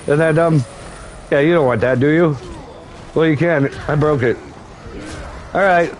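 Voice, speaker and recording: A man's voice: on the high side, measured pace, slight background noise, close to an everyday voice. A man riffing as a taunting farmer uncle. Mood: sarcastic. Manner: taunting, scornful, rambling rants. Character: sarcastic mocking farmer uncle, grown man.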